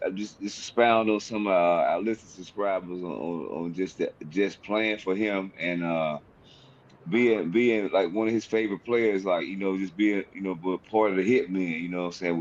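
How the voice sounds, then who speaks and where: Deep-voiced hesitant man asking a question. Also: moderate pace. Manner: hesitant, full of fillers. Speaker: podcast co-host. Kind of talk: casual chat. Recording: muffled lo-fi audio.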